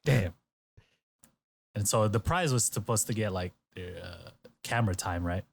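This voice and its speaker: Male podcast host, slightly low voice, casual storyteller who acts out quotes. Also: a little slow, creaky, slightly rough. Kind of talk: casual chat recapping a variety show.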